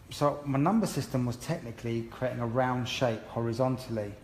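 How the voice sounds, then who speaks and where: A man's voice: mid-range voice, brisk, hardly any pauses, slight background noise. A man giving a chatty, encouraging live-streamed haircut tutorial, explaining each step as a hairdressing educator. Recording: roomy echo with long reverb and faint ambience.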